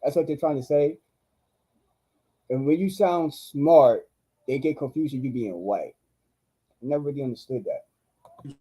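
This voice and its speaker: A male host of a live stream, chatting casually in a slangy, drawn-out way and cutting in often. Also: medium pitch, dark tone, husky.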